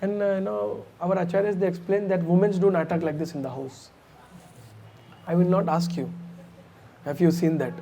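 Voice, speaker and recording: A man telling a devotional story as a sermon, in an animated, conversational way with asides to listeners. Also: sits high, moderate pace, long pauses, a little hiss or hum. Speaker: preacher. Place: temple hall.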